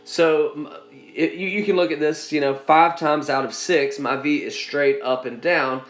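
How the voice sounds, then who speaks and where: Male instructor, unhurried and halting, repeats himself while teaching; roomy classroom echo. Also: a little high, fairly even intonation. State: coughing now and then. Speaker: engineering instructor. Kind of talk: recorded lecture. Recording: echoey room sound.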